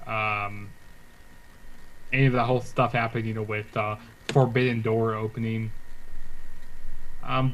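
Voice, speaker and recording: A man's voice: medium pitch, fairly bright tone, poor audio. A man co-hosting a casual wrestling chat, talking loosely with lots of fillers and letting sentences trail off. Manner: chatty, filler-heavy, trailing off. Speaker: co-host.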